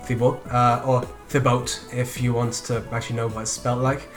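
A man's voice: medium pitch, level tone, fast talker, soft background music. A man co-hosting a casual podcast, enthusiastically explaining history and strategy games at length, with the odd swear word. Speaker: podcast co-host.

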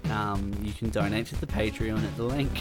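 A man's voice: fairly quick, over loud music. A man co-hosting a casual comedy podcast, joking and laughing often. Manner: jokey, laughs often, lively pitch swings. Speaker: podcast co-host.

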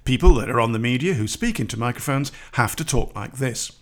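A man's voice: medium pitch, animated, fairly quick. A middle-aged man co-hosting a podcast in a rambling, self-deprecating chat, laughing often. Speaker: podcast co-host. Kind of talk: casual chat.

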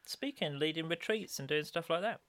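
A man's voice: fairly high pitch, fairly quick, fairly bright tone. A middle-aged man co-hosting a podcast, chatting casually with dry, self-mocking humour. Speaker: podcast co-host and speaker. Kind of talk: bantering podcast chat.

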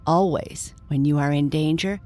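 Lady doing a wise old dad beaver, steady, low, teaching tone. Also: moderate pace, soft background music, lightly acted. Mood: approving.

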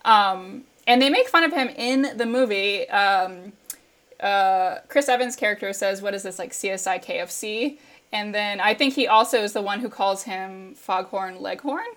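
A woman's voice: medium pitch, normal speed, a bit bright. A woman speaking as a guest commentator in casual chat, chatty and full of fillers and laughs.

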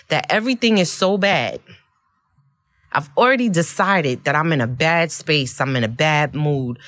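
A woman hosting a podcast, telling a personal story in a candid, expressive way and often laughing. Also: low-pitched, no room sound, studio quality. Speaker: podcast host.

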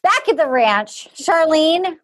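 A woman co-hosting a casual chat, retelling a story with animated energy. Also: high voice, slow pace, no echo. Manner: animated storytelling, acting out quotes. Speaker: podcast co-host.

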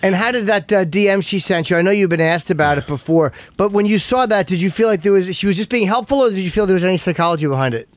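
Fast-talking man hosting a chat. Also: high voice, dry recording. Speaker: podcast host. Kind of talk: casual interview chat.

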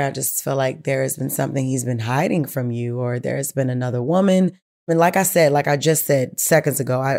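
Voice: medium pitch, darkish tone. Blunt, cussing advice-show host. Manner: blunt, profane, emphatic; talks straight to the listener, calling her baby girl. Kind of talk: reading a listener letter and giving advice.

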